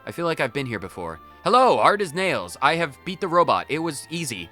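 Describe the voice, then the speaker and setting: A man commenting on his own gameplay in a rambling, excitable, playful way, hopped up on caffeine. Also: on the high side, a little fast, hardly any pauses, faint music behind. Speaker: let's play host.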